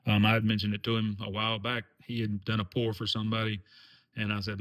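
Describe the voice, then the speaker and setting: A man with a Southern US accent chats in a casual vlog, his voice pitched on the low side. He talks in a folksy, earnest way, leaning on plenty of fillers as he goes. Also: completely flat delivery, fast, fairly bright tone. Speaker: channel host.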